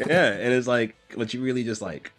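A man's voice: medium pitch, moderate pace, a bit bright, faint music behind. A man talking openly and casually, rambling a little, swearing and laughing often. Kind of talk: casual podcast chat.

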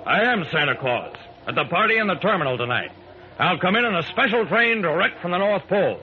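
An actor playing a pompous railroad executive dressed as Santa, in 1940s radio acting style. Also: male voice, sits high, animated, a little fast. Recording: dull old radio recording with faint hiss.

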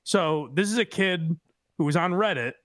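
A man's voice: high-pitched, normal speed, a bit bright, no echo, studio quality. A man co-hosting a comedy podcast, giving blunt, profane commentary in casual chat. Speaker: podcast co-host.

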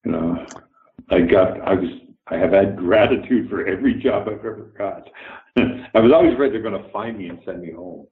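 Low-voiced and moving at a moderate pace, this older guest actor from Canada tells candid, profane stories during a casual interview, voicing the dialogue himself in his Canadian accent. The sound is reverberant and phone-quality.

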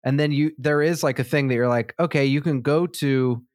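A man's voice: mid-range voice, steady tone, a little fast, no room sound, clean studio sound. A man co-hosting a podcast in casual chat, rambling with jokey asides and frequent laughs. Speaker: podcast co-host.

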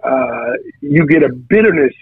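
With lively intonation and an unhurried delivery, a man, a guest preacher, recounts his testimony conversationally, often restarting and repeating words. His slightly rough voice leans high, there's no room sound, and the line is tinny like a phone.

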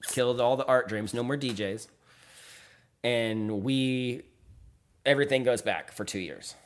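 A Texan guest artist tells stories casually, rambling with plenty of fillers and perking up when quoting others. His voice is mid-range at a measured pace.

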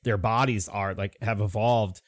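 A man's voice: fairly low pitch, steady tone, measured pace, no echo, studio quality. A man narrating as game master in a tabletop role-playing game, casual and descriptive with frequent fillers.

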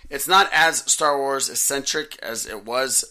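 A man's voice: mid-range voice, measured pace, bright, forceful tone. A young man co-hosting a podcast, rambling and telling jokes in casual chat. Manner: joking, rambling storyteller. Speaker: podcast co-host.

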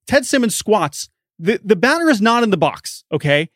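Man, podcast co-host, casual chat, animated storytelling, dry recording. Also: high voice, moderate pace, few pauses, no room sound.

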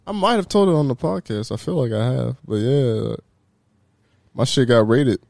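A young man tells a story among friends with a lively, swooping voice, laughing and cursing as he acts out each person. The sound is dry and close, with little room echo. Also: mid-range voice, moderate pace, creaky. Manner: animated, profane, laughing while acting out quotes. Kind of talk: casual storytelling chat.

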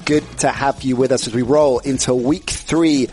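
A man's voice: medium pitch, steady tone, moderate pace, darkish tone, soft background music. A man hosting a sports podcast in an upbeat, chatty way, laughing easily with his guest. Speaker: podcast host. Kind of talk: casual sports talk.

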